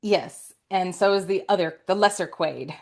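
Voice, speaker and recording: A woman's voice: lowish voice, normal speed, darkish tone. A woman co-hosting a podcast, chatting eagerly about movies with lots of laughs. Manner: enthusiastic, chatty, many fillers and laughs. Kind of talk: casual movie chat.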